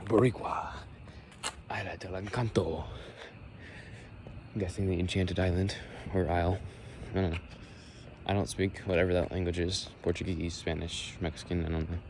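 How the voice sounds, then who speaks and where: A man's voice: sits low, little pitch movement, a little fast, a little mellow. Rambling young American man on a walk. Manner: rambling, sarcastic, explanatory. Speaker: vlogger. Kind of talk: casual walking monologue. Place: outdoors walking near a road. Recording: faint outdoor and traffic noise.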